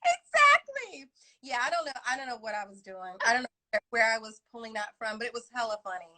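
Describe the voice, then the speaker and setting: A bright, high-pitched woman with a lively, swooping voice chats over a live video call. She laughs often and keeps the talk playful. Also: fast talker. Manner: laughing, playful, quotes lines in put-on voices. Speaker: actress guest. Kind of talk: casual video chat interview. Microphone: phone or laptop on a live video call.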